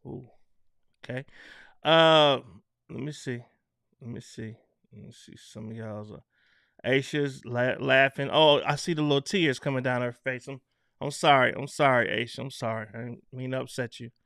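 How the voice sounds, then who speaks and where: A man's voice: mid-range voice, fairly even intonation, moderate pace, gravelly, fairly bright tone, clean tone, no echo, studio quality. A man hosting a casual live stream, reading out viewer comments in a loose, chatty way and laughing between them. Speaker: online show host.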